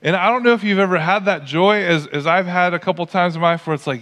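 Animated preacher man in echoing hall. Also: sits high, fast talker, few pauses. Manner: animated, acts out quoted voices. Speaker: pastor. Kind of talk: sermon. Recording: long church hall reverb.

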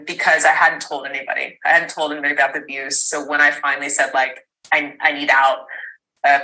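A woman's voice: sits low, bright, forceful tone, rough recording. A woman in her thirties, a podcast guest, tells a personal story candidly, rambling with fillers and restarts and an occasional swear word.

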